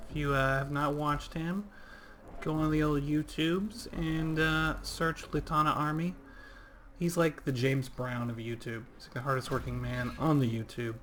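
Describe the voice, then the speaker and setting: A man's voice: mid-range voice, fairly bright tone, slight background noise. A man in his thirties giving casual, rambling gameplay commentary on a livestream while chatting with viewers. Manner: rambling and chatty, reading out chat. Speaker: game streamer.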